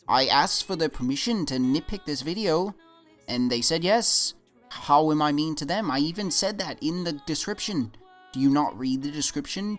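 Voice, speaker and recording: A YouTube commentator answering comments in a vlog, defensive and exasperated, rambling with frequent restarts. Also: mid-range voice.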